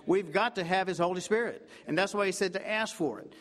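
A man preaches fervently and at a brisk clip, repeating "I tell you what" as he swings between loud, emphatic peaks and low, hushed passages.

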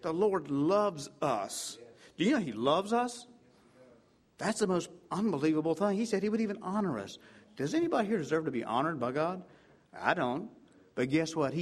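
A man preaching a fervent sermon in a fairly high voice. He leans on repeated asides and builds to loud, emphatic peaks, then drops to low, hushed passages. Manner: fervent, repetitive preaching with "I tell you what" asides.

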